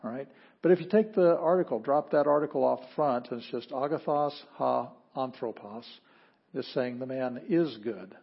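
A man teaching a language class, explaining patiently with frequent pauses and fillers. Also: mid-range voice, creaky, husky, highs cut off. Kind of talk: classroom lecture.

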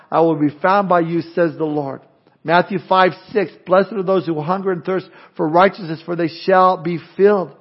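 A man's voice: high-pitched, gravelly. A male pastor preaching a sermon in an earnest way, full of rhetorical questions and folksy humor, on a dull lo-fi recording.

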